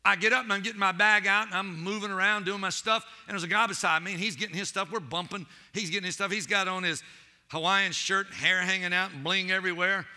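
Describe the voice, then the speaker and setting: High, sharp-voiced preaching man. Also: fast. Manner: animated preaching, storytelling, addresses the congregation as saints. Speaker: pastor. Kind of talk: sermon.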